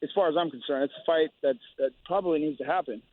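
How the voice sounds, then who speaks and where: Male interview guest, rapid and rambling with halting restarts; dry, tinny phone audio. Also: on the high side, no echo. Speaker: guest fighter.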